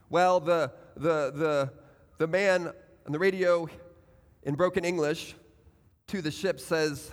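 A man's voice: on the high side, normal speed. A man preaching a sermon as pastor, speaking earnestly and putting direct questions to his congregation. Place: church sanctuary. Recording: church hall with long reverb.

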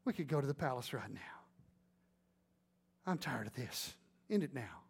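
A man preaching who plays a male soldier quietly urging his leader to strike, in a low, hushed and pressing voice. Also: lively intonation, normal speed, breathy edge.

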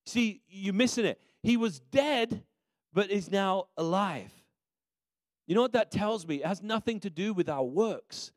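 A man's voice: high-pitched, animated, measured pace, no echo. A man preaching a sermon as a minister, telling a story in a conversational way with frequent restarts.

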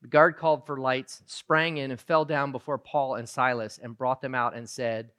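A preacher giving a sermon, moving from low, quiet reflection to loud, emphatic retelling of a story. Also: steady tone, normal speed, hardly any pauses, clean tone.

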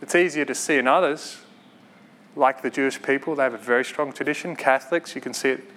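A man preaching a sermon in an earnest, conversational way, with quick asides and light laughs. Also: mid-range voice, fairly bright tone.

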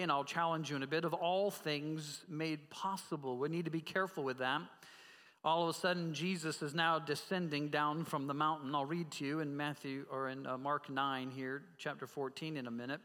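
A man's voice: on the high side, bright, forceful tone, in a large hall. A man preaching a sermon as pastor, earnestly asking the congregation direct questions.

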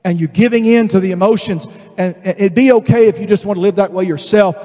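A male pastor preaching a sermon, animated and emphatic, acting out voices of the people he describes. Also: high voice, fast talker, in a large hall. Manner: animated, acts out quoted voices, builds to emphatic declarations.

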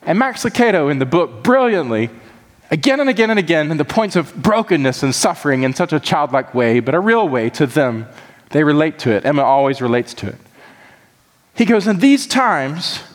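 A man's voice: fairly high pitch, sing-song, fairly quick, big-room sound. A man who is a pastor, preaching a sermon with impassioned, repetitive emphasis that keeps building.

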